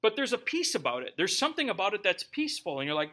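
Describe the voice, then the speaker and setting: A man's voice: high-pitched, very animated, fast, sharp tone. A man preaching a sermon in a conversational way, with joking asides. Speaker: pastor.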